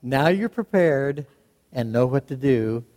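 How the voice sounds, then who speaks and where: A man telling a folksy story to a live audience in a lively, animated way, chuckling as he goes. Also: mid-range voice, slow, noisy background. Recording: long hall reverb.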